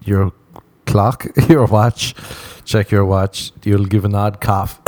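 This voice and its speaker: Speaking slowly in a fairly low, steady, slightly mellow voice, this comedian meanders through a self-deprecating routine. He has a non-American accent and does playful impressions of the people he quotes.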